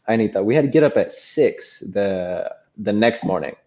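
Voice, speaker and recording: A man co-hosting a casual chat, telling a story in a relaxed, hesitant way. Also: lowish voice, normal speed. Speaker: podcast co-host. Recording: muffled lo-fi sound.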